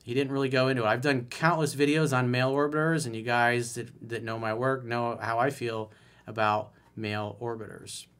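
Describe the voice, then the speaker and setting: A man's voice: medium pitch, fairly even intonation, normal speed, a bit bright, clean tone. A man giving dating advice as a coach in a solo video, reading a viewer's email aloud and commenting on it bluntly and emphatically.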